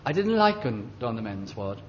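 An older man preaching and reminiscing gently, halting often as he recalls details, in a dull lo-fi recording. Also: mid-range voice, very animated, slight background noise. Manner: gentle, halting, with many fillers and restarts. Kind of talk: reminiscing sermon.

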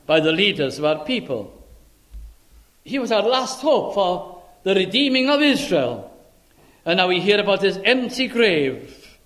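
A man preaching a sermon in a dramatic way, swinging between loud emphasis and hushed, quiet lines. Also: sits high, very animated, unhurried.

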